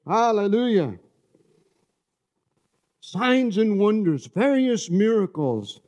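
A man's voice: sits high, animated, a little slow, mellow. A man from New York City preaching a conversational sermon, often asking the congregation for an amen.

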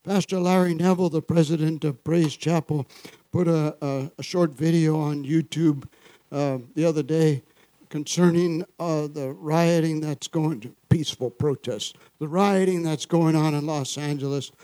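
A man's voice: on the high side, steady tone, measured pace, dark tone, no echo. A man preaching a sermon as pastor, often asking the congregation "Amen?" and chuckling between points. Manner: call-and-response, frequent "Amen?" and chuckles.

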